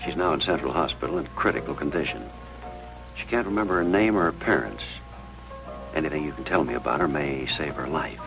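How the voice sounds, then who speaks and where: A deep, gravelly chaplain. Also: male voice, a little fast, rough recording. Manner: earnest, gentle questioning. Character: calm, persistent male hospital chaplain. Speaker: hospital chaplain. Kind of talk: 1950s TV drama acting. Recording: 1950s TV soundtrack with music underneath.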